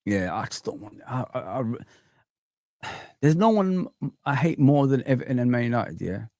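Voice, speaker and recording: A man hosting a live chat stream, ranting in an animated, exasperated way with repeated phrases. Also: medium pitch, normal speed, no room sound, studio quality.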